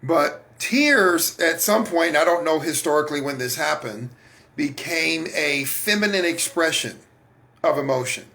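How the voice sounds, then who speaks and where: A man with a high, bright voice and a gravelly edge talks casually to his listeners. He fires rhetorical questions at them and often stumbles over repeated words before pressing on. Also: animated, a little slow. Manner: conversational, asks the audience rhetorical questions. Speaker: host of a faith talk broadcast. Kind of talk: casual spoken monologue.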